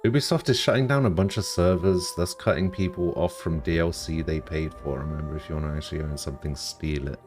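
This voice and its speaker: A British man streaming live, chatting casually with dry, deadpan humor and some swearing as he answers chat. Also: extremely low pitch, a little fast, few pauses, soft background music.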